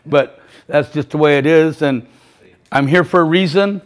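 A man in his seventies giving personal testimony as a grieving father, speaking in halting, emotional bursts and repeating phrases. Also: fairly high pitch. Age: 70s.

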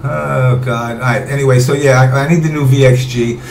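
A man's voice: medium pitch, steady tone, brisk, vocal fry. A man hosting a casual streamed talk show, rambling and swearing offhandedly. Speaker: show host. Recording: roomy with background noise.

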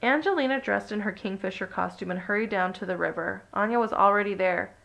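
A woman reading a children's picture book aloud, even and expressive from line to line. Her voice carries a noticeable gravelly fry, set at a middle pitch for a woman. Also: quick pace. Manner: steady, expressive storytelling. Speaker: storybook reader.

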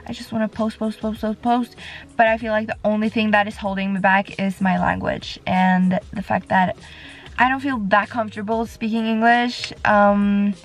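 A teenage girl from Norway, chatting casually to her camera in a car, rambling with lots of fillers and restarts. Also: medium pitch. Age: teens. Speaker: vlogger. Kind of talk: casual vlog chat.

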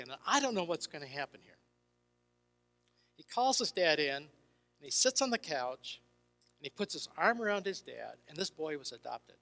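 A man's voice: fairly high pitch, big pitch swings, moderate pace, vocal fry, long pauses, sharp tone. An older man, a Christian counselor, telling stories to an audience and acting out the dialogue in shifting voices. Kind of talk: storytelling talk to an audience. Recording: reverberant hall with faint music.

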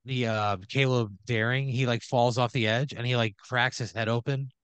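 A man's voice: medium pitch, steady tone, moderate pace, a bit bright, clean tone, no echo. A man on a comedy podcast telling a long improvised hypothetical, rambling with lots of "like" and "right?".

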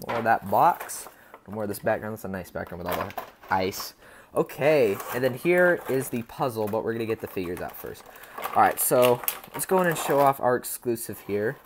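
A man's mid-pitched voice carries a relaxed, rambling chat as he unboxes collectibles at his desk. He talks straight to his viewers and often stumbles and corrects himself on names. A faint noise sits under the recording. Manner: chatty and upbeat, talking to viewers. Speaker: unboxing channel host.

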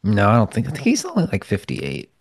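A man's voice: on the low side, wildly swooping pitch, fast talker, crowd noise. A man co-hosting a casual podcast, who talks bluntly, rambles and swears a lot. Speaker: podcast co-host. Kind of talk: casual chat.

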